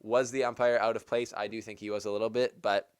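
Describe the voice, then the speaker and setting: A tennis channel host with a lowish, smooth and clear voice rambles casually through his opinions on a match, leaning heavily on "like" and restarting as he thinks aloud. His delivery is flat and quick. The sound is dry and close, with no echo or room around it.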